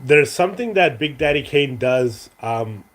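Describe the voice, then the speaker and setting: A man's voice: mid-range voice, expressive, unhurried. A man co-hosting a podcast in casual chat, hesitant, with many fillers and restarts. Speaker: podcast co-host.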